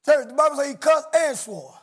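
A man preaching a sermon, shouting and acting out quoted voices with call-and-response. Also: very high voice, expressive, a little fast.

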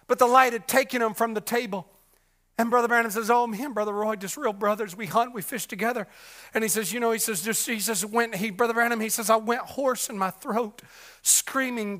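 A man preaching a sermon with passion, repeating himself and restarting often, moving between loud cries and hushed murmurs. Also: very high-pitched, fairly even intonation, fairly quick. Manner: repetitive, restarts with many fillers.

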